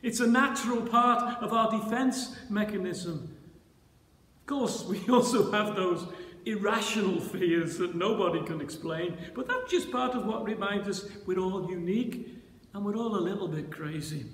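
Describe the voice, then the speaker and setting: High-voiced preacher in an echoing church. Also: male voice, moderate pace. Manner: dramatic, voice rising to shouts when voicing the disciples. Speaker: pastor. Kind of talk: sermon. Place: church sanctuary. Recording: roomy church reverb.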